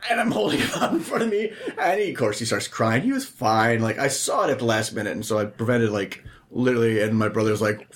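A man hosting a casual podcast chat, telling stories in an animated way and swearing often. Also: medium pitch, quick pace, few pauses. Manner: animated storytelling with frequent swearing. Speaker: podcast host.

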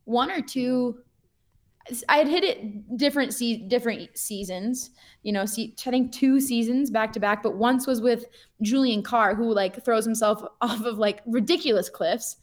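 Young woman skier gushing thru a story, higher voice, tons of likes and laughing. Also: normal speed. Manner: animated, chatty, frequent fillers and laughs. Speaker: guest, pro skier. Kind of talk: casual storytelling in conversation.

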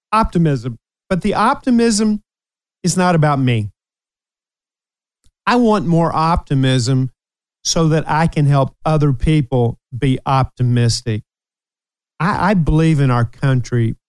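Man, sixties, show host, upbeat, teasing, smooth voice, dry sound. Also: medium pitch, no echo. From United States. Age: 60s. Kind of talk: casual chat.

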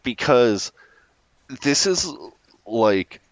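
A man's voice: mid-range voice, sing-song, very slow, no echo, low-quality recording. A man co-hosting a podcast, casually recapping a TV episode and laughing often as he retells scenes. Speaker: podcast co-host.

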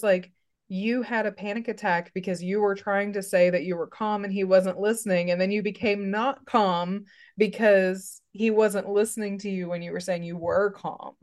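Woman, therapist, guest, casual chat, lively storytelling, middle pitch. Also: normal speed. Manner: animated storyteller who acts out quotes.

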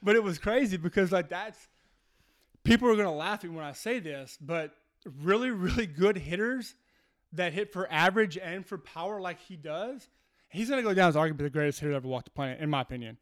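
A man in his thirties from Texas, a baseball pitcher telling stories as a guest in a casual interview, animated and swearing freely. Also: fairly quick.

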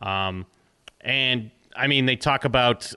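A man's voice: medium pitch, takes it slowly, bright, forceful tone, smooth, no room sound, clean studio sound. A man co-hosting a casual podcast recap, rambling with frequent restarts and casual swearing. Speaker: podcast co-host.

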